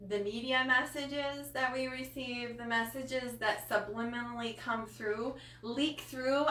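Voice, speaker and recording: A woman with a bright, fairly high voice speaks passionately to her live-stream viewers, often close to tears and full of fillers. The sound is roomy and comes from slightly off the mic. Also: far from the mic. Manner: passionate and emotional, with many fillers. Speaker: coach hosting a live body-image training.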